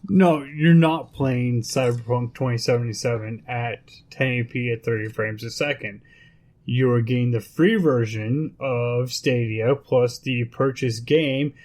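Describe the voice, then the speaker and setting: A man's voice: mid-range voice, unhurried, darkish tone. A man co-hosting a casual gaming podcast, bluntly correcting the others. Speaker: podcast co-host. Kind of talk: casual chat.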